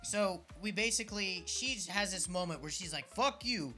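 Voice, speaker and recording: A man's voice: high voice, moderate pace, soft background music. A man casually reviewing a movie with a friend, retelling scenes animatedly and acting out the characters' lines. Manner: animated retelling with acted-out quotes, swearing.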